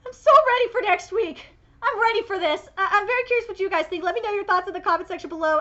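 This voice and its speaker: A young woman giving live reaction commentary on a manga chapter, effusive and loud, swearing freely. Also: extremely high pitch, fast talker, muffled recording.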